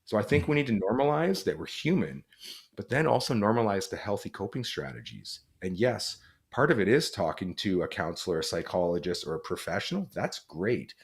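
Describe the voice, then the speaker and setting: A man's voice: on the low side, animated, brisk. A man speaking as an interview guest, earnest and reflective, often using "like" as a filler. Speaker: guest, former police officer and author. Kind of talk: conversational interview.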